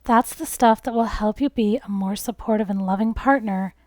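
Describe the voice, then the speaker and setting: A young woman talks through relationship advice in an earnest, reassuring way, walking through examples step by step. Her voice sits at an ordinary middle pitch for a woman. It is recorded close and dry, with no room sound. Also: moderate pace, a little mellow, no echo. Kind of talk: casual advice talk to camera.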